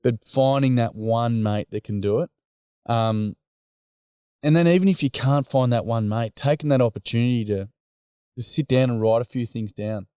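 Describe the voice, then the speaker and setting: An Australian guest who leads men's groups speaks earnestly and plainly in a casual conversation, rambling with many fillers. His voice is mid-range, dark and clean, at a normal speed. The studio-quality recording has no echo.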